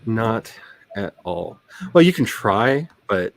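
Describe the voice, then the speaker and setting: A man's voice: lowish voice, big pitch swings, slow pace, vocal fry, dry recording. A man hosting a writing livestream, chatting casually in a rambling, joking, self-deprecating way. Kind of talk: casual chat.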